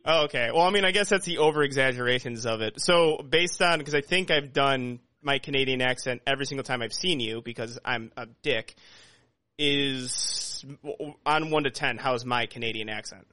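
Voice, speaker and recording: Man, podcast host, joking casual banter, bright tone, dry close sound. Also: mid-range voice, moderate pace, no room sound. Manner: joking, talks over others. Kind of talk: casual chat. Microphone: video call.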